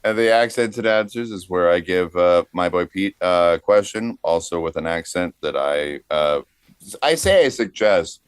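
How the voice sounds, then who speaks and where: A male comedy podcast co-host with a slightly low voice who introduces segments hesitantly, stumbling through fillers. The sound is dry and close, with no room around it. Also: lively intonation, normal speed, clean tone, no echo. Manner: rambling, hesitant, lots of fillers.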